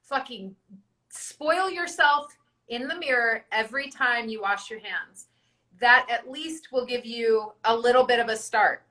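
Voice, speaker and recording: A woman co-hosting a podcast, her voice bright and forceful and sitting a little high. She talks in a casual, emphatic and encouraging way, with free swearing. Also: measured pace, low-quality recording. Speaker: podcast co-host.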